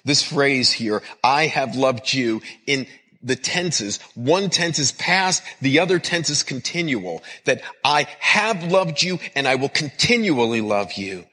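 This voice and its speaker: A man's voice: mid-range voice, expressive, measured pace, bright, forceful tone, breathy edge, long reverb tail. A man preaching a sermon as a pastor and counselor, earnest and repetitive in his cadence.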